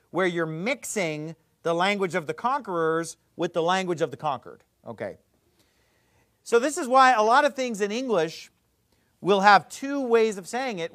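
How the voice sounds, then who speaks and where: A man lectures a class in a high, lively voice that climbs and dips freely. He explains step by step and slips in joking asides. The recording is dry and close, with no room sound. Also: no room sound.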